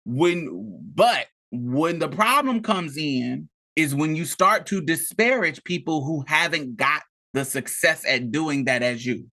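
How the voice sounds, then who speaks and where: A man speaks with a voice pitched a bit high. He tells a painful story of his youth in an intense, profane, tearful way, talking quickly. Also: expressive, pushed and bright. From rural Mississippi. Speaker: podcast co-host. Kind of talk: emotional personal storytelling.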